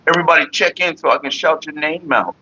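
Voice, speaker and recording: A man's voice: a little high, quick pace, pushed and bright, highs cut off, a little hiss or hum. A man from California hosting a casual livestream, chatting loosely and profanely and greeting viewers by name. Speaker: livestream host.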